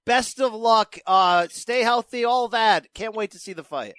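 Man, interviewer, jokey, upbeat, fairly high voice, dry close sound. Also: unhurried, bright, forceful tone, smooth, dry recording. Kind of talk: casual interview.

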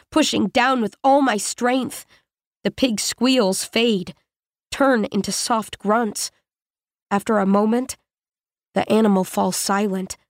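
Woman reading an audiobook in first person, steady and even, mid pitch, dead dry close mic. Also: no echo. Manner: measured and even, with short, plain sentences. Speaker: audiobook narrator. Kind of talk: first-person scripted narration.

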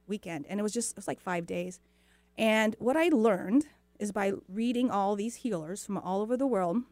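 A woman's voice: medium pitch, a little mellow, no echo. A woman hosts a spiritual talk show and tells a personal story in an earnest, rambling way, acting out what people said to her. Her voice sits in a middle range, and the recording is dry and close, with no room sound. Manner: chatty, earnest, sprinkles in quoted dialogue. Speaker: host.

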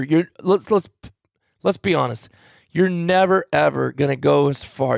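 A man's voice: mid-range voice, gravelly, dry recording, studio quality. A man hosting a podcast, talking casually and rambling with many fillers, sounding tired and yawning as he answers a listener. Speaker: podcast host.

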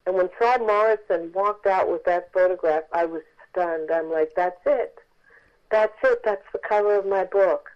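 A woman author telling a story in a phone interview, lively and acting out the voices of the people she quotes. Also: fairly low pitch, moderate pace, lo-fi sound.

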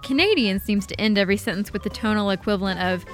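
A woman co-hosting a podcast, reading listener mail and chatting in a lively, casual way. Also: mid-range voice, fast talker, faint music behind. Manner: lively, animated delivery. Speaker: podcast co-host.

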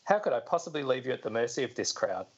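A man's voice: big pitch swings, fast, slightly rough. A man reading a cheerful, teasing young woman's lines from a comic in a raised voice. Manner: reads her lines higher and brighter. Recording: dull lo-fi recording.

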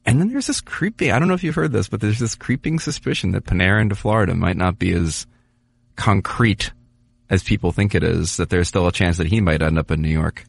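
A man co-hosting a sports podcast, talking casually and at length with lots of restarts and animated asides. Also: low-pitched, brisk, gravelly, husky. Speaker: podcast co-host, hockey writer.

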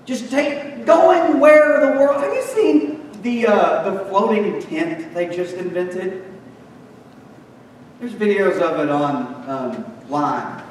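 A man with a high voice preaching in a sermon, chatty and wry, then hammering his points home in punchy lists. He is picked up from a distance, and his voice rings around a large, echoing hall with a long reverb tail and a faint hiss beneath. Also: expressive, takes it slowly. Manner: conversational and joking, with sudden emphatic lists. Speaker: pastor. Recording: echoey hall, mic far off.

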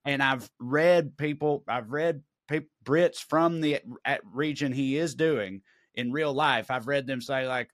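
A Southern man co-hosting a podcast, talking in loose, rambling bursts full of restarts and swearing. His voice sits at an ordinary pitch and sounds dry and close to the mic. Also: measured pace, dry recording. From American South. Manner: rambling, profane, many restarts. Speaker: podcast co-host. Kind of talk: casual chat.

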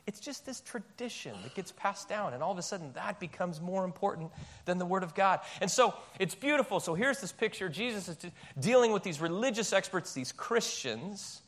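A male pastor preaching a sermon in a church, emphatic and animated, firing off rhetorical questions. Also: sits high, a little fast.

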